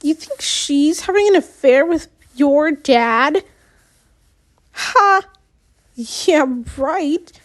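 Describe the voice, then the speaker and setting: A woman voicing a sharp-tongued, mocking teenage girl. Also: sits high, animated, drawn-out words, long pauses, pitched above the performer's own voice, heavily acted. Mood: scornful. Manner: mocking, huffy, loud.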